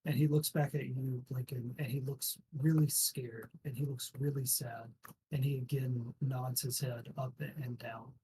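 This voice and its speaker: A man narrating as game master in a relaxed way, with many fillers. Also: medium pitch, measured pace, far from the mic, slight background noise.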